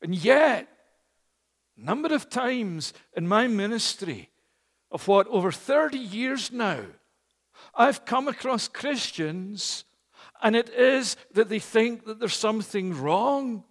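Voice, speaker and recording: A middle-aged male pastor preaching a sermon, slow and emphatic, repeating key phrases for weight. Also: high-pitched, expressive, fairly bright tone, in a large hall. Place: church.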